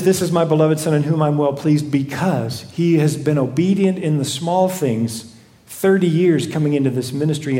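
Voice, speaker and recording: A man's voice: mid-range voice, warm tone. A man preaching a sermon who tells stories and keeps asking rhetorical questions. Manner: storytelling, rhetorical repeated questions. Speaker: pastor. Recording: echoey room.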